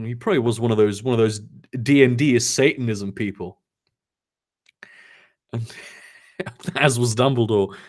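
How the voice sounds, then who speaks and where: A young man reading a fanfiction aloud on a live stream, breaking off into sarcastic, profane commentary and chatting with viewers. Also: medium pitch. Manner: sarcastic, swearing, animated asides. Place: home, lives in Germany.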